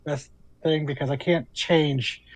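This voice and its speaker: A man's voice: on the high side, fairly even intonation, slow, rough recording. A man playing a tabletop game, thinking aloud and planning with many fillers. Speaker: player.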